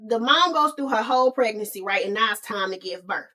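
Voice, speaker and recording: A woman hosting a podcast, retelling a movie in a casual, animated way with playful asides. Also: fairly high pitch, fairly quick, distant mic. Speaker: podcast host.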